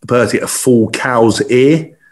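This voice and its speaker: A man's voice: mid-range voice, slow, a little mellow. Rambling man telling stories. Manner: rambling storyteller, lots of fillers and swearing. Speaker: podcast guest. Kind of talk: casual chat.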